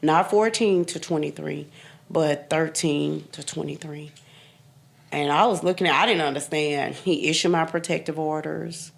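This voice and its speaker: A woman's voice: low voice, moderate pace, creaky. A woman in her fifties, a podcast guest, bluntly telling her own story with emphatic repeats and occasional laughs. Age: 50s. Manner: blunt, emphatic, repeats phrases, laughs through hard memories. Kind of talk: candid personal storytelling.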